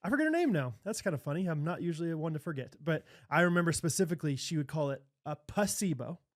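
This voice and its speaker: A man's voice: a little high, animated, rapid-fire. A man with a Midwestern American accent co-hosting a podcast, chatting casually with lots of fillers and laughter. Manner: laughs often, rambling with many fillers. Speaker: podcast co-host. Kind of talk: casual chat.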